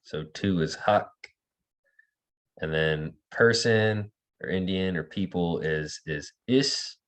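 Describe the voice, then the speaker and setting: A man's voice: sits low, slow pace, fairly bright tone. A man teaching an online language class, calling on students by name, repeating words for them and explaining with many fillers and restarts.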